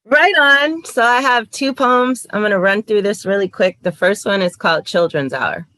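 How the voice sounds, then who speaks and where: A woman's voice: mid-range voice, expressive, moderate pace, bright, forceful tone, no room sound. A woman reading her poetry aloud at an online open mic over a video call.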